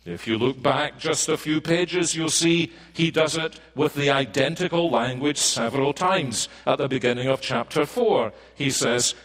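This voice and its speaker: A man with a Scottish accent preaching a sermon in a measured, deliberate way, pausing often and lifting his voice for emphasis. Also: fairly high pitch, fairly bright tone, poor audio. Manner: measured, deliberate delivery with pauses.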